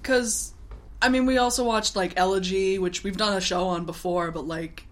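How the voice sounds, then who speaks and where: A woman's voice: mid-range voice, steady tone, normal speed, noisy background. A woman co-hosting a casual podcast chat, rambling and laughing often, swearing now and then. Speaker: podcast co-host.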